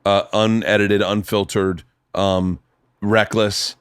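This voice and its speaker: Animated, profane man hosting a podcast. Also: takes it slowly, smooth, dry recording, studio quality. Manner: profane, animated storytelling, pitch rising when worked up. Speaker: podcast host. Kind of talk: casual chat. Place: home studio.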